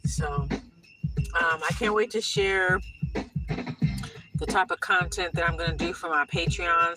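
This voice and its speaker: A man with a high voice chats in a relaxed, meandering way, telling stories to his viewers. Clear music plays behind him. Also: rough recording. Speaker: vlogger. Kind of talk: casual storytime chat.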